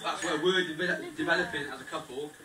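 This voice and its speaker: Speaking a little fast with a fairly high pitch and fairly even intonation, a young groom jokes and thanks everyone as he addresses his guests directly. The reception hall is echoey, the mic sits far away, and a loud crowd laughs and chatters throughout.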